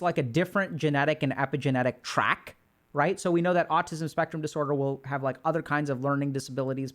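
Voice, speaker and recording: A man hosting a mental health livestream, explaining in an educational way and checking in with rhetorical questions. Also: on the high side.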